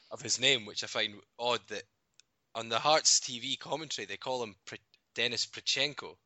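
A man's voice: medium pitch, pushed and bright, no echo. A Scottish man co-hosting a casual football podcast, rambling with restarts and laughing often. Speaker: podcast co-host. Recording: dull lo-fi audio.

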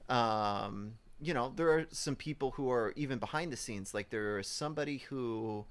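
A man co-hosting a casual movie review podcast, hesitant with many pauses and fillers. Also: mid-range voice. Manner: hesitant, many ums, looks things up. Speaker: podcast co-host. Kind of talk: casual film review chat.

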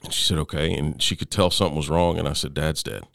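A middle-aged man speaks in an extremely low, gravelly voice. He tells his story haltingly, full of restarts and fillers, and often drops to a quieter level. The sound is dry and close. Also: fairly even intonation, dry recording. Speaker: interview guest. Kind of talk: personal storytelling in conversation.

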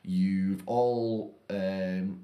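A man's voice: deep voice, steady tone, extremely slow, mellow. A young man chatting casually, explaining things in a rambling, self-correcting way. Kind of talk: casual chat.

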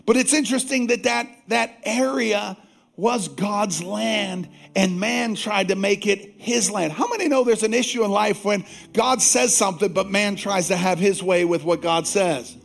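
A male pastor preaching a sermon, calling out to the congregation for responses and slowing down to stress scripture. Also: high voice, gravelly, soft background music. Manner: slows down to stress scripture lines.

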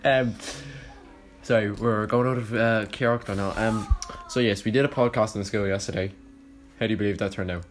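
A man's voice: fairly low pitch, steady tone, fairly quick, slight background noise. A young Irish man hosting a comic podcast, joking around as a boozy lad with a lot of swearing and laughter. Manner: swearing, mock-serious, laughing. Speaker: podcast host. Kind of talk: comedic banter playing a boozy lad.

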